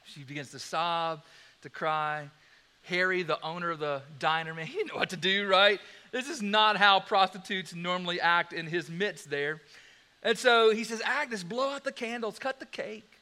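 Telling a story from the pulpit, this preacher is animated and dramatic, moving fast between loud and quiet stretches. For a man his voice sits high, sounding bright and forward with a clear, resonant tone.

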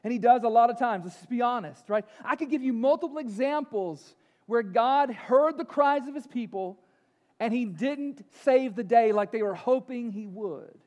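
Male pastor preaching a sermon, animated, swings from loud to whispered, high voice with long church reverb. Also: moderate pace.

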